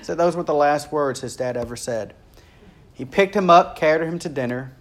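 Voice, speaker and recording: High-voiced earnest male preacher. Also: normal speed. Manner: earnest, builds in intensity and then drops low and quiet. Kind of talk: sermon storytelling.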